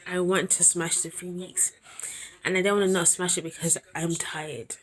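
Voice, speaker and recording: Earnest young woman, low-pitched. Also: little pitch movement, fairly quick. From England. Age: young adult. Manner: earnest, anxious self-talk, often dropping to a soft near-whisper. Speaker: university student vlogger. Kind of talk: casual video diary. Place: at home indoors.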